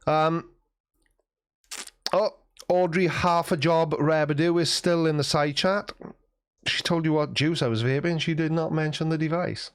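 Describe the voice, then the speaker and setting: A man's voice: a little high, fairly even intonation, a little slow, pauses often, clear, resonant tone. A man hosting a casual livestream, reading chat messages aloud and answering them with wry, self-mocking banter.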